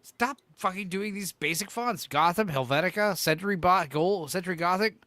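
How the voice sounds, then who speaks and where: Bright-voiced man swearing through casual chat. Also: high voice, moderate pace, no room sound, clean studio sound. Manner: profane, offhand, reacting to logos. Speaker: podcast host.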